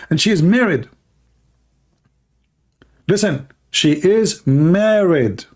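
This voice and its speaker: A man with a fairly high-set voice argues heatedly on a live stream, daring his listeners to prove him wrong. His English is broken and non-standard, and he keeps clearing his throat as he lectures. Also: expressive, takes it slowly, pauses often, darkish tone. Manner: confrontational, challenging listeners. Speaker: livestream debater. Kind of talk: heated livestream debate.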